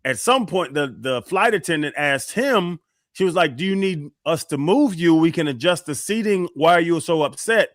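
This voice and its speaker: A man's voice: a little high, normal speed, no echo, clean studio sound. A man co-hosting a sports radio show, telling a story casually and acting out the quotes. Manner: animated storyteller, acts out quotes.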